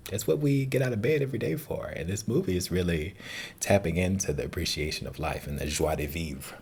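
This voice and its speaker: A man's voice: deep voice, fairly quick, creaky, darkish tone, a little hiss or hum. A man talking casually and earnestly as a movie reaction host, rambling and calling the listener dude and man.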